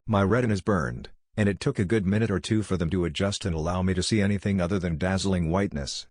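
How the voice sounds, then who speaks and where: A man narrating a first-person horror story in a measured, grave scripted reading. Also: deep voice, darkish tone, dry recording, studio quality.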